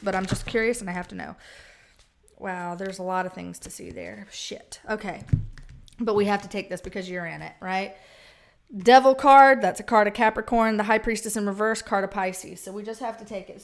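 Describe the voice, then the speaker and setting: A woman's voice: mid-range voice, background noise. A woman giving a casual tarot reading, blunt and chatty, swearing freely and acting out the people she quotes. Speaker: tarot reader.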